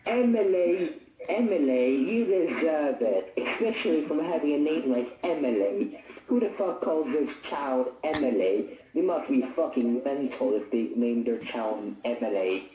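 A performer playing a crude, foul-mouthed male English teacher who talks in a slow, lazy drawl. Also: medium pitch, lively intonation, close to an everyday voice. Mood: smug, crude. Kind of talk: improvised comedy skit. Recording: roomy, distant, muffled, noisy.

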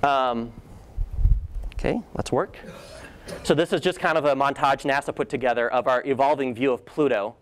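A man's voice: mid-range voice, moderate pace, long pauses, slight background noise. A young man giving a guest lecture with slides, enthusiastic and casual, with playful asides and a few fillers. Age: young adult. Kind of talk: presentation talk with slides. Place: lecture hall.

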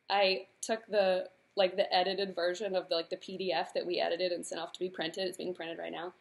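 A woman's voice: lowish voice, little pitch movement, a little fast, creaky, few pauses. A woman in her thirties, an author, chatting earnestly with fillers and then reading aloud from her own book. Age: 30s.

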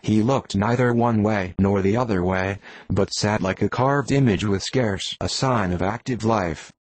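A man narrating an audiobook in a plain, steady storytelling manner. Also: on the low side, measured pace, dry recording. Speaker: volunteer reader.

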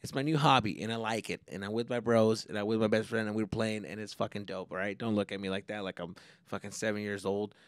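A young adult man, a comedian, hosting a solo podcast in a casual, profane and animated way. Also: lowish voice, quick pace, few pauses, clear, resonant tone, dry recording, studio quality. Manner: profane, animated, pep-talk delivery.

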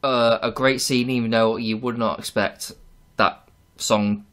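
Guy with a bright sharp voice on a movie podcast, halting, trails off a lot, swears casually. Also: medium pitch, steady tone. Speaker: podcast co-host. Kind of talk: casual film review chat.

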